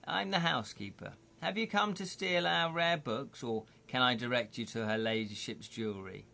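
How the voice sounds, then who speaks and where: A man's voice: medium pitch, animated, moderate pace, vocal fry, sharp tone. A man doing a stern, bitter ghost housekeeper. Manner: clipped and bitter.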